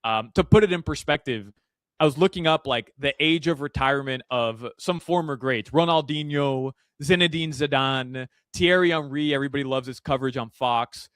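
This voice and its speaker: A man as a guest analyst in a casual sports radio chat, animated and full of fillers and restarts. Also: mid-range voice, moderate pace, clean tone, dry recording. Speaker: soccer betting analyst guest. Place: Miami.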